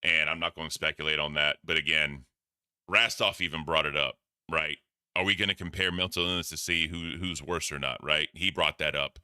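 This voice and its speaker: A man hosts a casual stream with a very deep but bright and clear voice. He rambles bluntly and swears freely as he reacts to clips. The sound is dry and close. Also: fairly even intonation, fairly quick, dry recording. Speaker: host.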